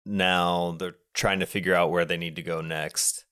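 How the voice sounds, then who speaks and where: Young male co-host, low resonant voice, laid-back scene breakdowns. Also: moderate pace, clean tone. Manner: explains shots in long, relaxed run-on sentences. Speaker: podcast co-host. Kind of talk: casual movie review chat.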